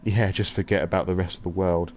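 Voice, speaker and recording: A man's voice: deep voice, little pitch movement, fast talker, darkish tone, a little hiss or hum. A male podcast host casually reading a visual novel aloud on a live stream, with profane, wry asides.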